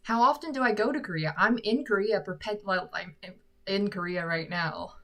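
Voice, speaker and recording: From her bedroom at home, an American-accented singer runs a relaxed livestream Q&A through a sock-covered mic. Her voice is medium in pitch and normal in speed, and she chats freely while making fun of herself.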